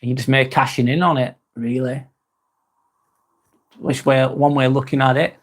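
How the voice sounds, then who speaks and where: A man's voice: medium pitch, steady tone, normal speed. A man hosting a casual livestream chat, reading out viewer comments, swearing casually and laughing often. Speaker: livestream host.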